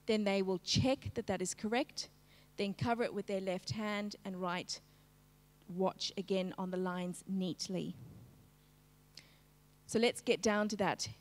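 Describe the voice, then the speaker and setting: A woman teaching a live-streamed phonics lesson, slowly segmenting each sound in a word and prompting the class to join in. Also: mid-range voice, steady tone, big-room sound. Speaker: literacy teacher.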